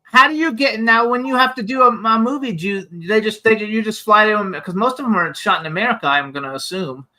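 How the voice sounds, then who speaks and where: A man's voice: sits high, fairly quick, hardly any pauses, pushed and bright. A man co-hosting a radio interview, chatty and rambling as he asks questions. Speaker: co-host. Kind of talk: casual interview chat.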